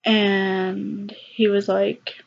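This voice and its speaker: A young woman vlogger telling a personal story in a halting, subdued way, with many fillers. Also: mid-range voice, level tone, vocal fry. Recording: slightly dull lo-fi recording.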